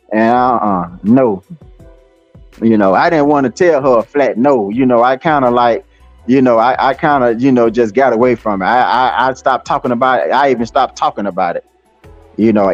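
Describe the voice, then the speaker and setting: A man's voice: medium pitch, darkish tone, no room sound. Profane ranting man. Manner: cursing, taunting, rambling with many fillers. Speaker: livestream host. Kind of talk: profane live-stream rant. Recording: slightly dull lo-fi stream audio.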